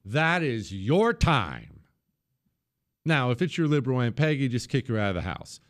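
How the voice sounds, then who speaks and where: A man's voice: mid-range voice, big pitch swings, normal speed, no room sound, clean studio sound. A man hosting a talk radio show, delivering an opinionated monologue in an emphatic, sarcastic, often mocking way.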